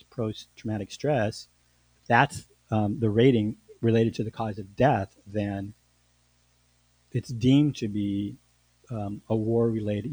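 A man's voice: on the low side, dark tone, slightly rough, dry recording, poor audio. A man, a podcast host and lawyer, telling a story in a casual monologue with lots of restarts and fillers.

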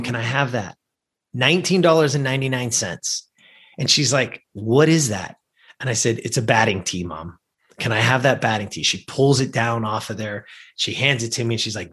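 This is a middle-aged man with a husky, mid-range voice, a guest in a conversation telling a personal story. He's animated and acts out the voices of the people in it.

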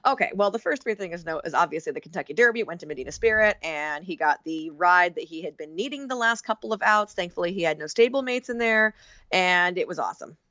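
Quick-talking female podcast co-host. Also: fairly low pitch, animated, pushed and bright, dry recording, lo-fi sound. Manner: quick, upbeat talker. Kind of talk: casual chat.

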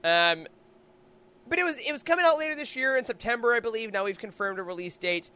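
A man's voice: extremely high pitch, lively intonation, pushed and bright, smooth. A man co-hosting a podcast, recapping a fan convention in an enthusiastic, gushing casual chat. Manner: enthusiastic, gushing, quick asides. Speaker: podcast co-host.

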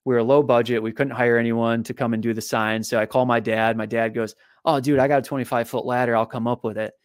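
A man's voice: medium pitch, fast, smooth, no echo. Guy telling a long story on a podcast, lots of restarts and repeats, dry close mic. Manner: animated storyteller, frequent repeated words. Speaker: guest, physical therapist and author.

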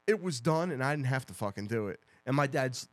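Man, podcast co-host, casual chat, very lively pitch, swears a lot, dry close sound. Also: brisk, no echo. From New Jersey. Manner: animated storyteller, swears freely, mimics others. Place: podcast studio.

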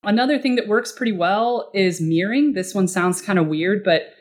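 A woman speaking as a guest expert in a podcast interview, casual and animated, often acting out short quoted exchanges. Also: mid-range voice, moderate pace. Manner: animated, acts out client dialogue in quoted voices; casual, uses fillers like "like" and "you know".

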